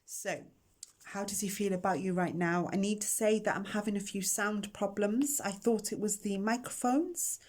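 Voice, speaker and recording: A woman's voice: mid-range voice, normal speed, darkish tone. A woman hosting a casual tarot reading to camera, chatty and emotional as she talks directly to her viewers, recorded indoors on a camera microphone. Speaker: tarot reader and channel host.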